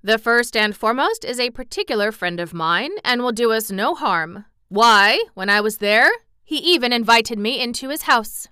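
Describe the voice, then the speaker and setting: A woman's voice: on the high side, animated, normal speed, bright, forceful tone, clean tone, no room sound, clean studio sound. A woman voicing a boastful, scheming male gnome general in a storybook reading, with a proud, emphatic delivery.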